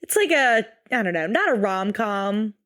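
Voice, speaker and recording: Woman, podcast co-host, playful and emphatic banter, medium pitch, dry close-mic sound. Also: very animated, fairly bright tone, no room sound. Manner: playful, emphatic, quick to laugh. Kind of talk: casual podcast chat.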